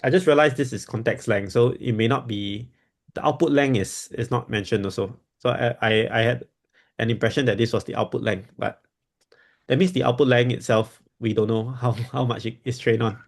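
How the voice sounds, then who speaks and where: A man's voice: medium pitch, steady tone, moderate pace. A man hosting a casual technical discussion, explaining while thinking aloud and often repeating his words.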